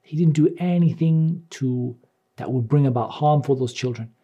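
A man giving a religious lecture. He reads lines of Arabic, then translates and explains them in English at a measured pace, repeating phrases as he goes. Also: medium pitch, dark tone, slightly rough, lo-fi sound. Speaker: Islamic teacher.

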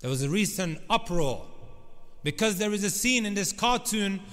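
A man's voice: high-pitched, animated, normal speed, fairly bright tone. A man preaching a sermon, emphatic and often turning to address the congregation directly. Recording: long reverb of a large hall.

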